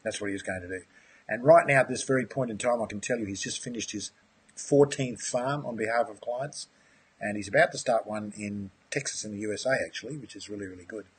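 A man's voice: lowish voice, quick pace, breathy edge. A man presenting a live aquaponics webinar, friendly and enthusiastic, answering viewers' questions and calling them mate. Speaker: aquaponics course instructor.

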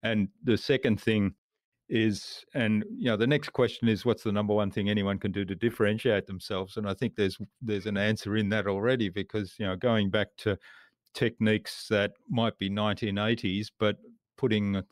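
A man's voice: lowish voice, fairly even intonation, moderate pace, no echo, studio quality. A man hosting a business podcast, thoughtfully summarizing his guest's points with some fillers. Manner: reflective, summarizing, uses fillers. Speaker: podcast host. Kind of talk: interview.

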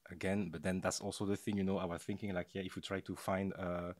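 Very low-voiced, hesitant male guest. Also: level tone, a little mellow, no echo. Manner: hesitant, many pauses and fillers. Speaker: podcast guest, architect. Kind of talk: casual conversation.

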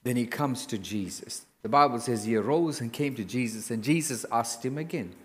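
A man preaching a sermon in a church, slow and emphatic, building to loud exhortation. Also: medium pitch, big-room sound.

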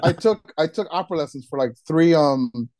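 A wedding DJ and MC gives advice as a casual podcast guest, his voice on the high side with a darkish tone. His delivery is halting and stop-start, with many restarts and repeated words, recorded in a dry studio with no echo.

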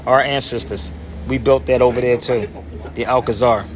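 A man's voice: medium pitch, fairly even intonation, normal speed. A man with an American accent talking in a loose, slangy, chatty way while vlogging on a city street into a phone. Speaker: travel vlogger. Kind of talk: casual street vlog. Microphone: phone camera.

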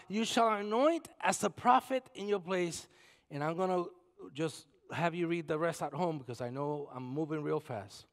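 A man with a high voice preaching a sermon, reading scripture and swinging from a near-whisper to loud, urgent bursts. The sound carries a long church reverb. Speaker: pastor. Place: church sanctuary.

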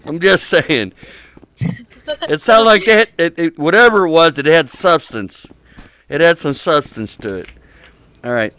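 Guy on a vr headset mic, smooth and a bit high, crude teasing banter, dry sound. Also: expressive, measured pace, long pauses, sharp tone. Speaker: VR chat YouTuber. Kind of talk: casual joking commentary. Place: social VR game room.

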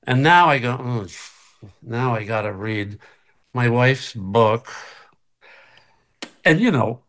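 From his home kitchen, an older actor joins a video call as a guest and slowly recounts a casual anecdote. His mid-range voice has lively intonation and a touch of brightness, and he laughs often while acting out quoted voices.

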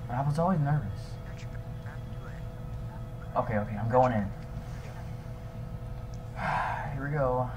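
A young man voicing his own character in a fan-made game drama, excitable and swinging between shouting and nervous mumbling. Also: mid-range voice, measured pace, pauses often, background noise. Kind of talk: improvised fan machinima dialogue.

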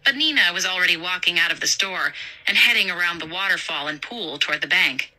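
A woman narrating a suspenseful horror story in a measured storytelling voice. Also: fairly low pitch, steady tone, sharp tone, poor audio.

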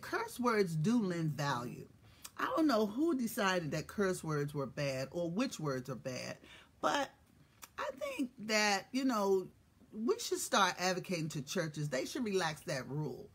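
A woman's voice: medium pitch, fairly bright tone, slight background noise. A middle-aged woman hosts a casual morning live stream, teasing, profane and playful, greeting viewers by name. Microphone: phone or webcam live stream.

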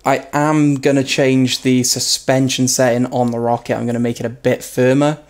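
A man's voice: level tone, moderate pace. Self-mocking man narrating racing gameplay. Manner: self-mocking, yelps high when crashing. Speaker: gaming YouTuber. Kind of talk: racing game commentary. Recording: loud background noise.

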